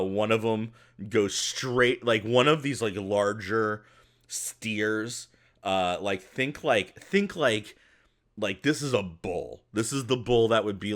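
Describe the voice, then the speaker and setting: Man game master, low and smooth, loose rambling narration. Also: fairly bright tone. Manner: rambling, filler-heavy narration.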